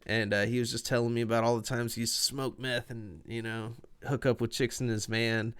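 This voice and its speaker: Smooth-voiced man telling profane stories. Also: medium pitch, brisk. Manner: profane, animated, laughing storyteller. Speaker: musician guest. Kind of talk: casual storytelling.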